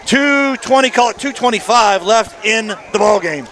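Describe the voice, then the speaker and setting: A man doing folksy, lively play-by-play for a high school football game at an outdoor stadium. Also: a little slow, hardly any pauses. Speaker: play-by-play announcer. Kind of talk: sports commentary.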